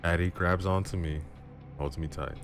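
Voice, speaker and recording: A man hosting a channel who narrates a first-person horror story in a dramatic, measured way. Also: sits low, steady tone. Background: music.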